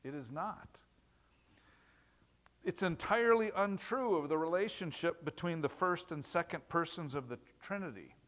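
A man giving a teaching sermon in a slightly higher voice. He talks in a plain, conversational way, asks his listeners questions and doubles back on phrases for emphasis. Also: animated, moderate pace, a bit bright. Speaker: pastor.

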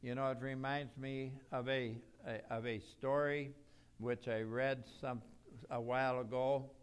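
A man preaching a sermon, telling a story in an earnest, measured way. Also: mid-range voice, little pitch movement, clear, resonant tone. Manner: slow, earnest storytelling with pauses.

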